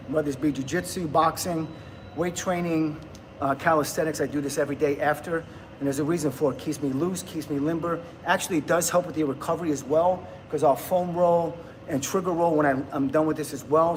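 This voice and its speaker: A man's voice: on the high side, steady tone, fairly quick, slight background noise. A man in his fifties from the United States, chatting casually on a livestream and answering viewer comments in an upbeat way. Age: 50s.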